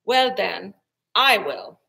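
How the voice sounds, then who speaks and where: A woman's voice: sing-song, takes it slowly, vocal fry, pushed and bright, exaggerated voice. A woman voicing a hardworking, patient little red hen who calls out to the other animals in a raised, hopeful voice. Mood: resigned. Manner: calling out with raised, hopeful pitch.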